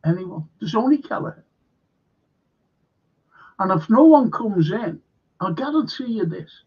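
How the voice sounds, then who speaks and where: An older man with a Liverpool accent, rambling bluntly and swearing as he hosts a live football chat. His voice is husky and sits a little high. The stream audio sounds dull and lo-fi. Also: lively intonation, unhurried. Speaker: host.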